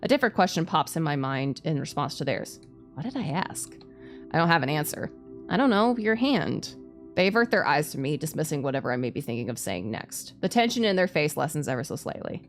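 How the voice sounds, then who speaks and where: A woman's voice: low-pitched, very animated, quick pace, few pauses, soft background music. A woman streaming a story game, reading its text aloud and breaking off into playful, laughing asides. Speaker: VTuber streamer. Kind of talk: reading a game's story aloud with live commentary.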